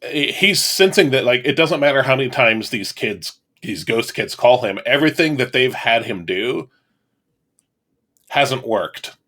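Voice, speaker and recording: A man in casual conversation, adding details in a hesitant way and stumbling over repeated words. His voice is bright and forceful, at a middle pitch. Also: expressive, measured pace. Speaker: podcast co-host. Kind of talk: casual chat.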